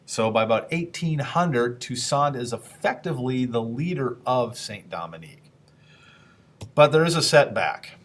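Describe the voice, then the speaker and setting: This man has a mid-range, animated voice and speaks at a moderate pace. He teaches history casually, asking his class questions and acting out historical figures for a moment or two.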